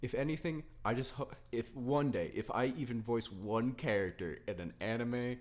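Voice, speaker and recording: A man's voice: mid-range voice, normal speed, darkish tone. A young man hosting a casual podcast chat, rambling with lots of likes and frequent laughter. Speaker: podcast host.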